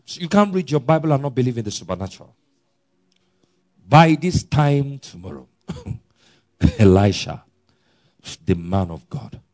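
Animated preacher man. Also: medium pitch, normal speed. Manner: emphatic preaching, swinging between loud and hushed, chuckling often. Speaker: pastor. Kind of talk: sermon.

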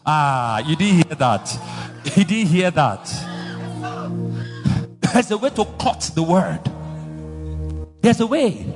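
Fervent high-voiced preacher in a reverberant hall. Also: male voice, big pitch swings, slow pace, pauses often. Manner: fervent, emphatic, repeats phrases for emphasis. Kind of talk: sermon. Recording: long reverb of a large hall, with faint music.

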